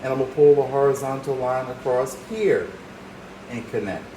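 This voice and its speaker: A man's voice: medium pitch, little pitch movement, a little fast, mellow, a little hiss or hum. A man teaching a drawing lesson, talking the viewer through each step with encouragement. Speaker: art teacher. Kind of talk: drawing demonstration. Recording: roomy echo, faint ambience.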